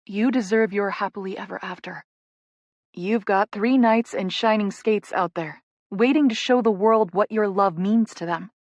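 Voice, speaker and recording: A woman narrator voicing a supportive young female friend in an audiobook, gentle and encouraging. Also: mid-range voice, normal speed, dry recording, close to an everyday voice.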